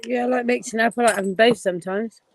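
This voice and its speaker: A woman guest in casual podcast chat, speaking in a wry, measured way. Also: a little high, steady tone, no echo.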